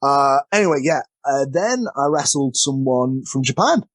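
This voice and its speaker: Guy, wrestler guest, mid-pitch voice, dry close sound, rambling and self-mocking. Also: expressive, moderate pace, dry recording. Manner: rambling, self-deprecating, stumbles over words. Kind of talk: casual interview storytelling.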